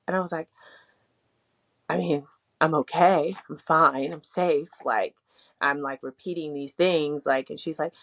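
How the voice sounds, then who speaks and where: A woman's voice: low voice, a little fast, vocal fry. A young adult woman co-hosting a podcast, talking candidly in a rambling way, full of "like" and frank swearing. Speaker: podcast co-host. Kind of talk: candid casual chat. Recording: dull lo-fi audio.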